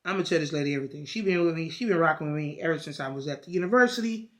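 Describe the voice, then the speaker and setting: A woman's voice: low voice, rapid-fire, natural voice. A woman voicing a stoned, betrayed man who swears and gets defensive. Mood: resigned. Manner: profane, mumbled, defensive. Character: high, heartbroken man, defensive and hot-headed.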